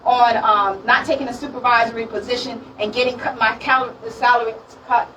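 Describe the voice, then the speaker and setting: A woman, sharing her testimony at a women's conference in a lively, laughing storytelling manner. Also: fairly high pitch, a little fast, a little hiss or hum. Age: late 40s. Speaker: minister and speaker. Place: conference room with audience. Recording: distant mic, audience sounds.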